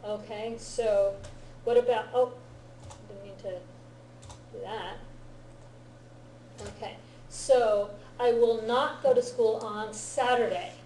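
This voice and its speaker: A woman's voice: fairly high pitch, steady tone, takes it slowly, pauses often, mellow, roomy sound, a little hiss or hum, rough recording. A woman teaching a grammar lesson to a class, patiently explaining and often checking whether everyone understands. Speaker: Japanese teacher.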